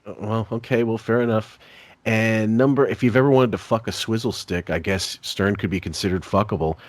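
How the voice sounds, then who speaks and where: Co-hosting a podcast, a man with a lowish voice chats casually at a brisk pace, cracking profane jokes and laughing often. There's no echo on the recording.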